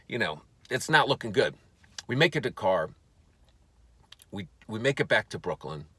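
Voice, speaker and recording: Low-voiced man telling a comedic story. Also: normal speed, husky, no room sound. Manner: animated, profane, stammering restarts.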